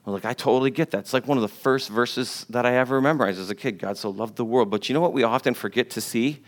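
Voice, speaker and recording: A man's voice: mid-range voice, quick pace. A man preaching a sermon to a congregation. He talks in a conversational way, jokes with the listeners and repeats words for emphasis. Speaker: pastor.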